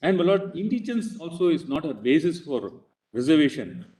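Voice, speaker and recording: A man's voice: a little high, big pitch swings, normal speed, dark tone, distant mic. A man with an Indian English accent, arguing a case before a bench of judges and insistently addressing them as "my lord" at nearly every phrase. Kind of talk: courtroom legal argument. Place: courtroom. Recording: echoey courtroom webcast, speaker off-mic.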